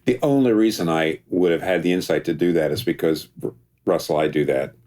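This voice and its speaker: A man, a pastor speaking as an interview guest, thinking aloud with frequent restarts and a touch of gentle humor. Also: low voice, a little fast. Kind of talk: reflective interview conversation.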